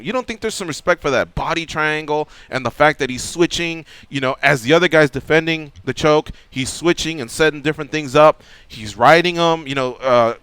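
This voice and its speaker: A man hosting a sports radio show, explaining fights in an animated, emphatic way. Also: fairly high pitch, clean tone, no echo. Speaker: radio host.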